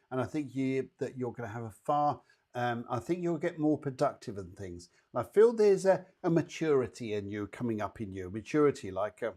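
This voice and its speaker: A man hosts a live psychic show and gives quick mini readings to viewers. His voice sits at a medium pitch. He is chatty and reassuring and talks directly to the people he reads for. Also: darkish tone.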